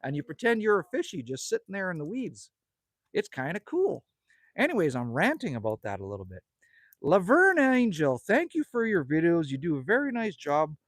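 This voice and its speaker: A man's voice: a little high, huge pitch swings, normal speed, no room sound. A man, hosting a casual outdoor livestream and rambling in a friendly way while reading viewer comments. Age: 50s. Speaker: livestream host. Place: outdoors at a country cabin at sunset.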